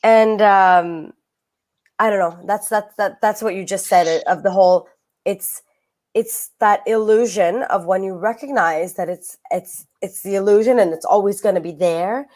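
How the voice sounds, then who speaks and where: A woman's voice: mid-range voice, moderate pace, darkish tone. A woman co-hosting a casual podcast, rambling through thoughts with fillers and restarts. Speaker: podcast co-host. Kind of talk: casual spiritual chat.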